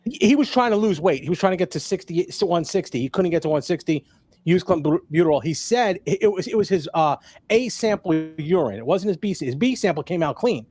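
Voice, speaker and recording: Slightly high-voiced halting man. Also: animated, darkish tone. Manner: halting, conversational, filler-heavy. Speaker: live stream host. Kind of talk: casual chat.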